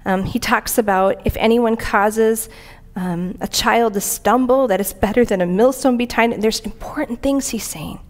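A woman's voice: fairly high pitch, normal speed. A woman preaching a conversational sermon in a church, earnest and plain-spoken, reading aloud from scripture and a commentary.

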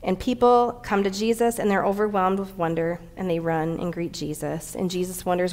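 A middle-aged woman pastor in the middle of a sermon. She tells a personal story with animated, heartfelt delivery, then moves into the scripture. Her pitch sits at an ordinary middle height for a woman. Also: normal speed, hardly any pauses.

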